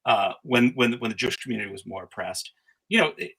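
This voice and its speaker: A middle-aged man with a low, husky voice that still has a forceful, tense edge. He talks as an interview guest, measured and thoughtful, often stopping and restarting a thought before landing it. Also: lively intonation, poor audio. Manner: thoughtful, halting, many restarts and fillers. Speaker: guest scholar. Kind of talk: conversational interview.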